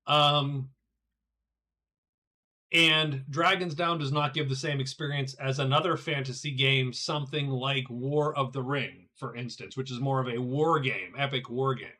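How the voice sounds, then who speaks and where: A man's voice: medium pitch, fairly even intonation, measured pace, sharp tone. A middle-aged man streaming a solo board game, chatting casually with viewers as he thinks aloud, often stumbling and repeating words. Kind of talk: casual live-stream chat while playing a board game.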